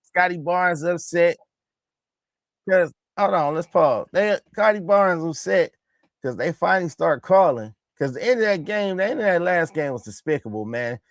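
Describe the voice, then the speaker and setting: A man hosting a casual reaction show, talking excitedly and in slang over game highlights and repeating himself. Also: moderate pace, no echo, studio quality. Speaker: host of a basketball reaction channel.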